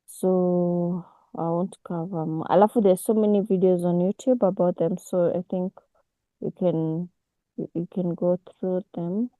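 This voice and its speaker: A woman, teaching a casual online forex class over a video call, unhurried and full of restarts. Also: fairly low pitch, fairly even intonation, warm tone, dry recording, poor audio. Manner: unhurried, with many restarts and fillers. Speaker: forex mentor.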